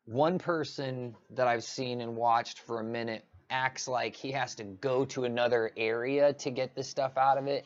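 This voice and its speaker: A man's voice: medium pitch, muffled recording. A man ranting casually on a livestream, rambling with many restarts. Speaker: live streamer.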